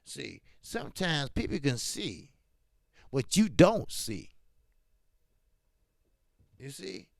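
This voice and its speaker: A man's voice: medium pitch, slow, creaky, pauses often, dry recording, clean studio sound. A man hosting a casual boxing talk stream, talking in an emphatic, slangy way. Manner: animated, emphatic, drifts into slang. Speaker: boxing talk show host. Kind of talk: casual boxing commentary livestream.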